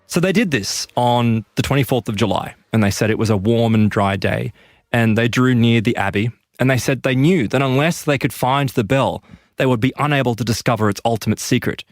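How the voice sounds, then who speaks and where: A man's voice: a little fast, dry recording, clean studio sound. A man hosting a podcast, narrating an eerie story with dramatic emphasis. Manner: dramatic, emphatic pitch lifts. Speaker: podcast host.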